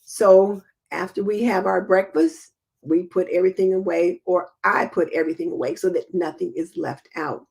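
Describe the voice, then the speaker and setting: A woman's voice: on the low side, fairly even intonation, moderate pace, creaky, darkish tone, husky. A middle-aged woman hosting a home show in casual live-stream chat, reading viewer comments and answering in a chatty, homey, practical way. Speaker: host.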